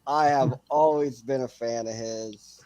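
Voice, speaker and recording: A man's voice: medium pitch, fairly even intonation, unhurried, a loud crowd, rough recording. A man on a soccer panel speaking as a keen fan, tacking "man" onto his lines. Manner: enthusiastic fan, says "man" a lot. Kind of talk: casual chat.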